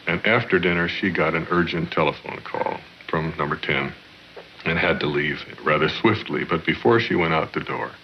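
A man recalling events in a documentary interview, with measured, formal storytelling. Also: extremely low pitch, noisy background. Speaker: former diplomat interviewee. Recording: muffled archive documentary audio.

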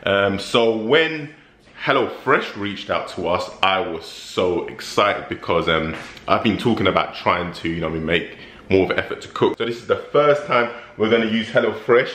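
A man's voice: fairly low pitch, expressive, normal speed, fairly bright tone, roomy sound. A British man co-hosting a casual vlog, laughing and teasing through banter and a sponsor segment. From Britain. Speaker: co-host.

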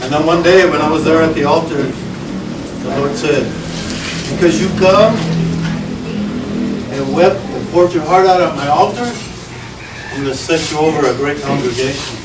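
A man preaching a sermon as a pastor, giving an emotional testimony that swings from loud to hushed. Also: a little high, normal speed, pauses often. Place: church hall. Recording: echoey hall with background noise, from a distance.

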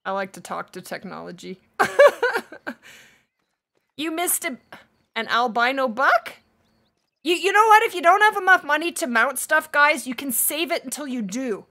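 A woman's voice: high voice, sing-song, normal speed, pauses often, pushed and bright. A woman streaming a hunting game live, chatting casually and thanking viewers by name.

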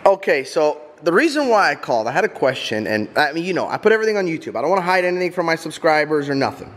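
A man's voice: a little high, very animated, fast talker, a bit bright, a little hiss or hum. A man chatting casually to viewers in a vlog, teasing and laughing often. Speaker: vlogger.

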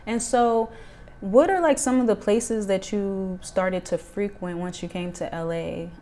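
A woman interviewer who asks short follow-up questions and keeps the conversation moving with quick affirmations. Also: medium pitch, dark tone. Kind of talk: casual interview.

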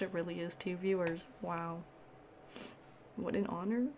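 A hoarse woman chatting casually while streaming a game, with dry deadpan jokes. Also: on the low side, measured pace, pauses often, slight background noise. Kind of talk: casual gaming stream chat.

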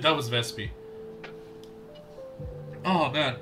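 Excitable, bright-voiced male streamer. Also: a little high, normal speed, soft background music. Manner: excitable, laughs often, greets chat. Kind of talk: casual gameplay commentary.

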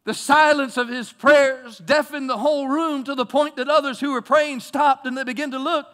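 A man with a strikingly high voice delivers a sermon from a church pulpit. He preaches with fervor, stumbling over repeated words as his delivery swells and softens. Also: fairly even intonation, moderate pace. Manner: impassioned preaching with frequent word repeats. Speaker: pastor.

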